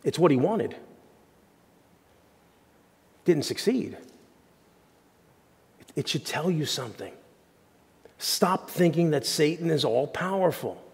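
Guy pastor preaching, kinda high voice, church echo, jokey then goes quiet and intense. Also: moderate pace. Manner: animated, jokey preaching with sudden shouts and hushed asides. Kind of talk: sermon. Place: church sanctuary.

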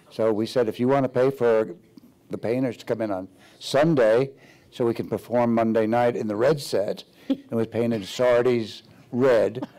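A man's voice: medium pitch, fairly even intonation, moderate pace, dark tone. An older man on a panel telling stories from his career, hesitant with many fillers and breaking into laughs. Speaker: playwright on a panel. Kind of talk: onstage anecdotal storytelling. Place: theater stage before an audience.

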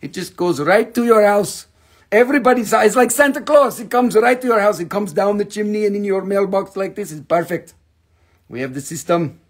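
A man hosting a live-stream crystal sale, rambling and joking in a goofy, playful way with sudden shouts. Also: sits high, moderate pace.

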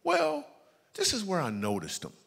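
A man doing stand-up storytelling as a guest comedian, lively, acting out the voices of people in his stories. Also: sits high, moderate pace, creaky, slightly rough. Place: church stage before a live audience. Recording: echoey church hall.

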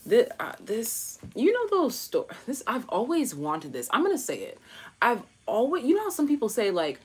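A woman's voice: medium pitch, huge pitch swings, moderate pace, breathy edge. Chatty slangy woman reading tarot. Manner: chatty, slangy, thinks aloud with many fillers. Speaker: tarot reader.

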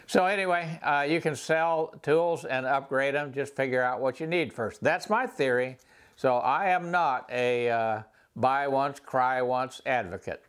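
An older man with a Southern accent giving a rambling, folksy tour of his home garage workshop, pausing often with "uh". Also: mid-range voice, a bit bright, clear, resonant tone. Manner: rambling, folksy, many "uh" pauses. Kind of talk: casual tool tour.

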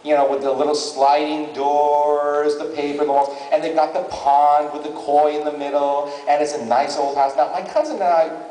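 A man doing live comic storytelling as a stand-up comedian in a large convention hall, with an animated delivery. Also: fairly high pitch, moderate pace. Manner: animated, jumps into character voices. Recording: echoey hall from far off.

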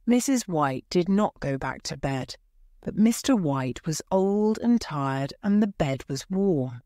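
Female storyteller; measured, clear reading at an unhurried pace, low register. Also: animated, mellow, dry recording, studio quality. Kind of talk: scripted story narration for English learners.

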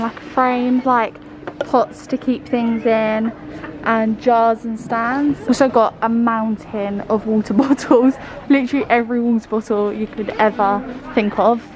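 A woman's voice: on the high side, noisy background. A young English woman chatting casually as she films a shopping vlog in a busy shop, filling her talk with "like". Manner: chatty, lots of "like" fillers. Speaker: vlogger.

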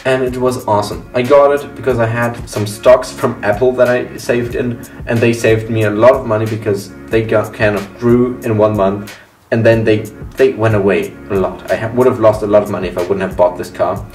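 A young man speaks in a low, earnest voice in a casual personal vlog. He sounds reflective and often restarts his sentences. Faint laid-back guitar music plays behind him. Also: fairly even intonation, moderate pace, darkish tone. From Germany, raised partly in the US. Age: young adult. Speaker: vlogger.

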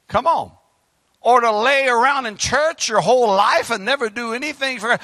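Fiery high-voiced preacher man. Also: lively intonation, no room sound, studio quality. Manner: fiery, exhorting, rapid shifts between shouting and quiet asides. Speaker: pastor. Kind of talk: sermon.

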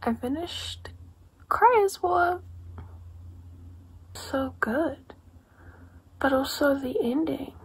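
A woman chatting casually in a reading vlog, rambling and excitable, swearing freely and sometimes dropping to a hushed near-whisper. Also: high-pitched, slow. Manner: drops to a hushed near-whisper late at night. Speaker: book vlogger.

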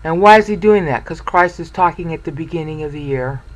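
Presenter, mid-range voice, casual lecture, excitable, volume rises and fades. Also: medium pitch, brisk, rough recording. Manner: excitable, lively, thinks aloud. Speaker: Bible study presenter. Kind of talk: informal screen-share lecture.

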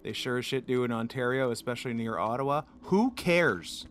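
A man's voice: mid-range voice, expressive, fairly quick, a bit bright, soft background music. A man co-hosting a gaming stream, telling rambling stories and joking dryly, with fillers. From Canada. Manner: wry, rambling, stumbles with fillers. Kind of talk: casual storytelling and banter.

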